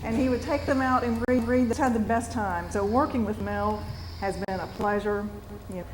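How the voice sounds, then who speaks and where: A woman's voice: fairly high pitch, steady tone, moderate pace, darkish tone. A woman council member and former news anchor giving chatty, affectionate remarks at a meeting. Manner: chatty, affectionate, laughs often. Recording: noisy meeting chamber.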